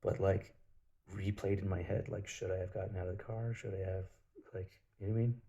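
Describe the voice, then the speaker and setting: A man's voice: deep voice, flat delivery, brisk, dark tone, lo-fi sound. A man telling stories in a rambling, casual monologue, swearing freely. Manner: rambling, profane storytelling.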